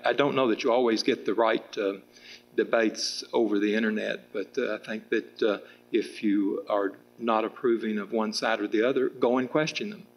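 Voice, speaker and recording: A man's voice: fairly low pitch, vocal fry, poor audio. A middle-aged man answering at a public political debate, rambling with restarts and fillers. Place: public meeting room with audience.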